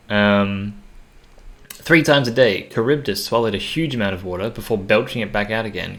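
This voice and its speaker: A man's voice: lowish voice, fairly bright tone. A man streaming live, chatting casually and reading lore aloud, rambling, swearing offhandedly and sounding out tricky words. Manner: laid-back and swears casually.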